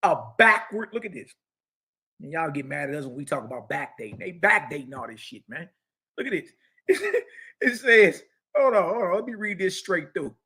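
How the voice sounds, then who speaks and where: A man hosting an animated commentary, reading passages aloud and mocking his listeners with slangy, preachy outbursts. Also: high voice, normal speed, breathy edge. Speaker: show host.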